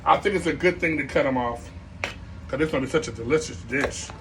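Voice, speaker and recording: A man's voice: medium pitch, fast, a bit bright, soft background music. A man hosting a comic cooking show, rambling playfully with asides while he chops vegetables.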